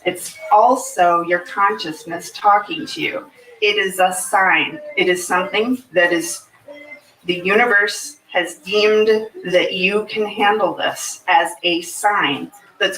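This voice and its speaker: A woman's voice: medium pitch, bright, forceful tone, slight background noise. A woman practitioner of hypnosis giving an earnest explanatory talk to a fair audience, often checking in with "okay?". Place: fair venue, indoors. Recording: echoey room, mic far off.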